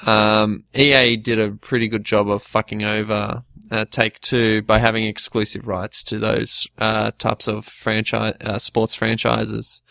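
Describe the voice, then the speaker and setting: A man's voice: on the low side, level tone, unhurried, vocal fry, few pauses, bright, forceful tone, no room sound. A man co-hosting a casual podcast, reading out forum posts bluntly, with lots of ums and restarts. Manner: blunt, hesitant, with many fillers. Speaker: podcast co-host.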